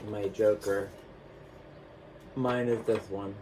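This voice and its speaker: A man vlogging, telling a personal story in a chatty, animated way with lots of fillers while showing his artwork. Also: fairly low pitch, takes it slowly, noisy background.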